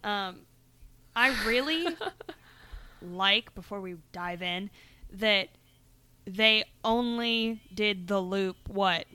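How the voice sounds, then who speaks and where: A woman's voice: mid-range voice, extremely slow, long pauses, bright, forceful tone, clear, resonant tone, dry recording. A young woman co-hosting a podcast, chatting casually, giggling and rambling with many restarts. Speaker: podcast co-host. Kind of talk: casual chat.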